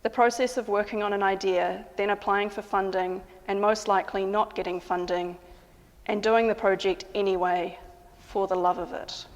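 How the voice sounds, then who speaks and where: A woman composer and sound artist narrating in a calm, measured, matter-of-fact way. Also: medium pitch, big-room sound. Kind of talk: reflective spoken narration.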